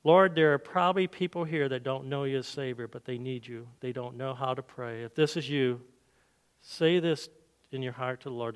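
A man giving an earnest sermon testimony and leading prayer in a church, growing soft and low as he prays. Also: a little fast, smooth, big-room sound.

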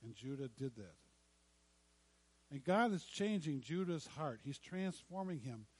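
A man preaches with a voice that sits a little high for a man. He acts out quoted lines dramatically, using repetition and long pauses. The sound is dry and close, with no room echo. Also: sing-song, darkish tone, breathy edge. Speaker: pastor. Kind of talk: sermon.

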